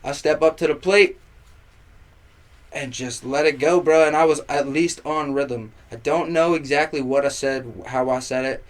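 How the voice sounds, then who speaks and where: Animated young man telling stories. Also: a little high, moderate pace. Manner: animated storytelling, swearing, acting out quotes. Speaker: guest. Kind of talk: casual chat.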